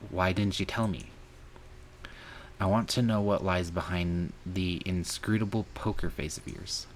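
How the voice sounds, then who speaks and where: A man's voice: deep voice, steady tone, a little slow, slight background noise. A man streaming and reading a visual novel aloud, earnest and emotional, with some angry outbursts.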